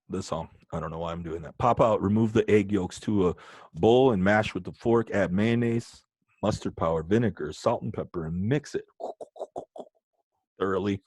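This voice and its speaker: A male teacher with a lowish voice runs a lesson, joking around and talking right to his students. The sound is close and dry, with no room echo. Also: normal speed, husky. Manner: joking, animated, talks to students directly. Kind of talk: playful online lesson.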